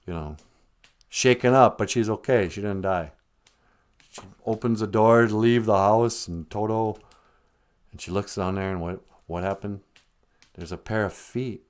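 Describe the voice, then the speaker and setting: A man retelling a story on a live stream in an animated, casual way, humming and singing snatches as he goes. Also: on the low side, measured pace, pauses often.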